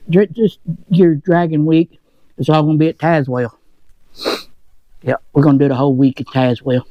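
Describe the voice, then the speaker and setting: Chatting casually in his home shed, a motorcycle vlogger with a fairly high voice rambles through a meal, talking with his mouth full. The audio is lo-fi and has no room sound.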